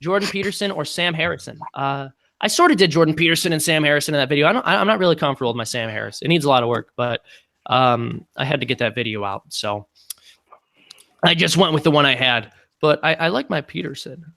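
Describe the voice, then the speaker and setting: Gravelly-voiced man hosting a live Q&A. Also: fairly high pitch, bright, forceful tone. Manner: chatty, halting, many ums. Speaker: channel host. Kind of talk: casual live-stream Q&A.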